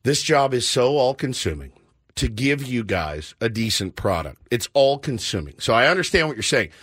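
A man hosting a morning sports radio show, telling stories in an animated, rambling way and laughing often. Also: medium pitch, normal speed, husky. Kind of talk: casual morning radio chat.

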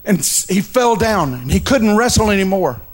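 A man's voice: sits high, sing-song, moderate pace. A male pastor preaching a sermon, telling a story dramatically and addressing the congregation directly.

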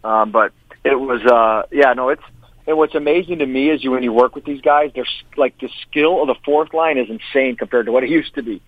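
A man talks hockey in quick, loose sentences that he keeps restarting. His mid-pitched voice comes through a tinny, phone-like line, and the sound is dry. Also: no echo. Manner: fast, rambling, restarts sentences. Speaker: hockey coach and guest. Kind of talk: casual hockey chat.

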